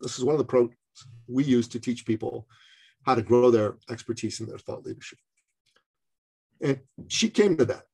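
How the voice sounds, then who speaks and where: Gravelly, husky-voiced man telling a story. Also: medium pitch, normal speed, long pauses. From Canada. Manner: animated storyteller, acts out quoted voices. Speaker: speaker and business coach. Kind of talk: storytelling in conversation.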